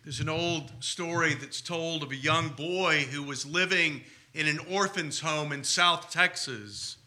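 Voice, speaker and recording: A priest delivers his sermon slowly and unhurriedly, weaving in humorous stories. His voice sits high for a man and sounds very bright and forceful. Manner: storytelling with humor.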